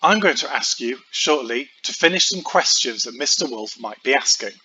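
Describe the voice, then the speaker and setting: Male British teacher, calm and clear. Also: mid-range voice, highs cut off. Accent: British English. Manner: clear, calm instructional talk to young pupils. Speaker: primary school teacher. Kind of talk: recorded home lesson introduction. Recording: audible background noise.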